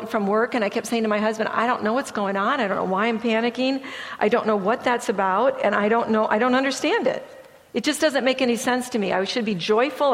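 A middle-aged therapist from Michigan gives a lively personal testimony at a church event, her medium-pitched voice softening for serious asides. The recording carries a long hall reverb.

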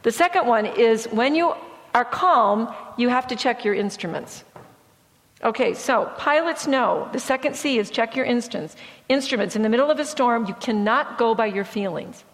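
A woman giving a sermon-style testimony, telling stories in a lively way and acting out what people said. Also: fairly high pitch, moderate pace. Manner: lively storytelling, acting out quoted speech. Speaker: speaker sharing testimony. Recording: long hall reverb.

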